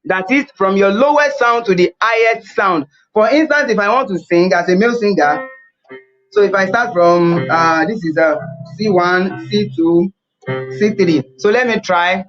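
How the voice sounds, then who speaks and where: A man's voice: high voice, a little slow, fairly bright tone, lo-fi sound. A man teaching a singing webinar, repeating key points and explaining things as he plays the piano. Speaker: vocal coach.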